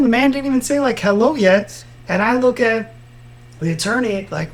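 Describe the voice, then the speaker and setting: This man has a high-pitched voice, talks a little fast, and the audio is poor. A lawyer and podcast co-host with a Miami accent, he tells courtroom stories in a casual chat, animated and acting out the quotes.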